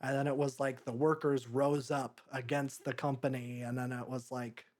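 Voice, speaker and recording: A young man co-hosting a podcast, chatting casually about a movie, rambling and halting with lots of fillers. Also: mid-range voice, level tone, a little mellow. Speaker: podcast co-host. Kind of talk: casual movie review chat.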